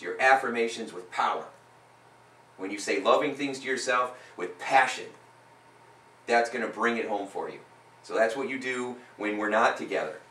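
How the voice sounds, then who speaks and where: Coaching a client live, an emphatic man leans on repeated lines that grow in force. His mid-range voice is bright and forward, and the sound is roomy, picked up by a mic placed some distance away.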